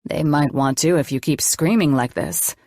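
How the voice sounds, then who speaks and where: A woman voicing a calm, gentle male doctor who speaks softly and steadily with quiet authority. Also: low voice, normal speed, no echo, clean studio sound, voice pushed down. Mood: calm, reassuring. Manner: soft, steady, reassuring.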